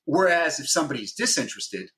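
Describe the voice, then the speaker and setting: Bright-voiced man explaining methodically. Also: on the high side, big pitch swings, quick pace. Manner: methodical, teaching step by step with frequent "right?". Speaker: guest, former hostage negotiator. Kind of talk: explaining, instructive podcast talk.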